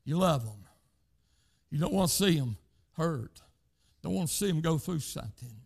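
An older preacher man with a gravelly, fry-laden voice that sits high for a man. He delivers a fervent sermon, tossing in "hey" again and again and breaking out into shouts. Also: animated, normal speed.

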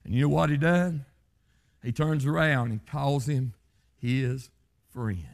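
A man preaching a revival sermon, rising into shouted, chanting lines and falling back low. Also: takes it slowly, creaky. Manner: chanting revival-style sermon, pitch leaping up to shouts then dropping low.

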